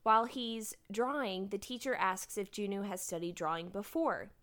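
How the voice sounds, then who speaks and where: A woman's voice: medium pitch, normal speed, fairly bright tone. A woman co-hosting a casual podcast, animatedly summarizing drama episodes and laughing often. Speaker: podcast co-host recapping a drama. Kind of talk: casual chat recapping episodes.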